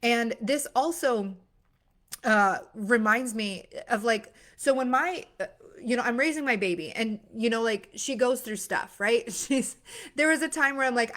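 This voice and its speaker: Speaking a little slowly in a fairly high, slightly bright voice, a young mindset coach delivers an earnest, informal motivational talk. She stumbles through fillers and restarts and imitates anxious voices with abrupt gasps.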